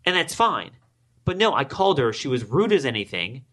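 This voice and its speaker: A podcast host with a bright, forceful tone, speaking in a voice of ordinary height. He leans into his points and goes higher and harder when indignant. He acts out both sides of conversations to tell his story. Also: very animated, a little fast. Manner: emphatic, rising in pitch when indignant. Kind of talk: political commentary monologue.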